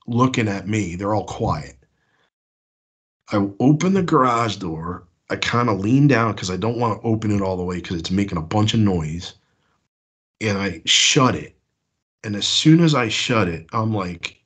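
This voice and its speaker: A man's voice: fairly low pitch, slightly rough. A young adult man from the United States, a caller telling his story casually and rambling, full of "like" fillers, acting out what he and others said. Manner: rambling, many "like" fillers, acts out his own past lines. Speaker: caller sharing an encounter.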